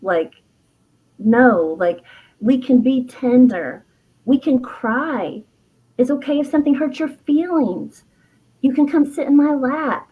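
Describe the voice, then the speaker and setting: Sitting high in pitch, animated yet slow and slightly rough, her voice comes through narrow, tinny audio. She's a middle-aged herbalist and author telling a candid personal story as a guest, earnest and heartfelt, with lots of laughter and restarted sentences.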